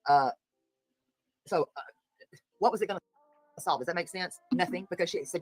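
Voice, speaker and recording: Husky-voiced woman hosting a livestream. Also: lowish voice, lively intonation, a little fast, long pauses, pushed and bright, no echo, soft background music, poor audio. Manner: greets chat viewers by name, blunt and indignant. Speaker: host of a livestream commentary show. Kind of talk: casual livestream commentary.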